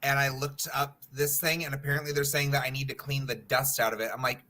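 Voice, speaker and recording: Bright, teasing man co-host. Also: medium pitch, quick pace, few pauses. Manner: animated, teasing, swears casually. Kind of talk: casual livestream chat.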